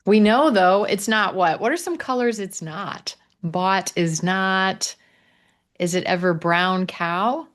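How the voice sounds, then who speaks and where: Slow-spoken Missouri-accented teacher. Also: male voice, high voice, a bit bright. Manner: slow, drawn-out model phrases. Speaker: pronunciation teacher. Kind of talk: live online English lesson. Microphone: video call.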